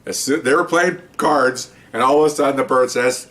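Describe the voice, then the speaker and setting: A man's voice: on the high side, a little fast, hardly any pauses, a bit bright, recorded from a distance. An older man, a retired police officer, casually telling a profane story and acting out the voices of the people in it. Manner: rambling, profane, acts out the voices in his story.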